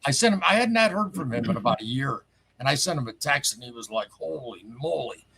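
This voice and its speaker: A man calling in to a show, telling a strange story in a rambling, excitable way and swearing casually. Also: medium pitch, fast, breathy edge. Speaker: caller sharing a paranormal story.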